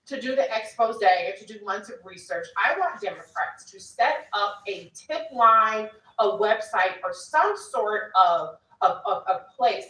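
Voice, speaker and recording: A woman commentator on a political panel, building her argument deliberately. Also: a little high, a bit bright. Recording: roomy echo from a distant mic.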